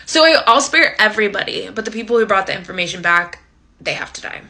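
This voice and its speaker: A woman voicing God as a blunt, short-tempered man who talks casual slang in a deadpan way. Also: mid-range voice, fast talker.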